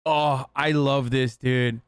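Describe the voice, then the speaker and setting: A man's voice: mid-range voice, steady tone, slow, smooth, no room sound, studio quality. A man streaming reaction commentary, sarcastic and profane, talking animatedly to his chat.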